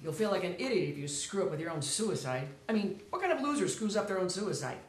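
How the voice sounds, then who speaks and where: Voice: medium pitch, sing-song, fast, natural voice. A performer playing an exasperated, sarcastic bridge patrol officer who sighs and rants. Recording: echoey room.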